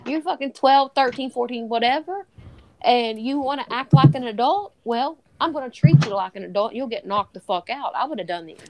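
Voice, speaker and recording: A woman's voice: fairly high pitch, lively intonation, brisk, low-quality recording. A woman in casual chat, ranting heatedly with plenty of swearing, then reading a news article aloud. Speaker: co-host.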